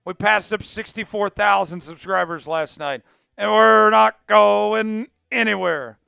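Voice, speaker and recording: Gravelly, bright-voiced male sports host. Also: high voice, a little slow, dry recording, studio quality. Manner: blunt, opinionated, rattling off news items. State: worn out after hours of live coverage. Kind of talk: live sports news stream.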